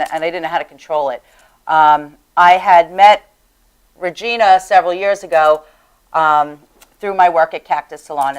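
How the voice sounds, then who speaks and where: A woman's voice: lowish voice, clean tone, poor audio. A woman co-hosting, speaking candidly about her own experience in casual chat. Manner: candid, conversational.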